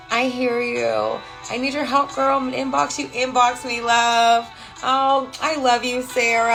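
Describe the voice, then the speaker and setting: A woman with a high, fairly bright voice chats casually on a live stream over a low-quality recording, answering viewer comments with motivational talk. Warm and emphatic, she calls people girl and love, swears freely, and repeats phrases for emphasis.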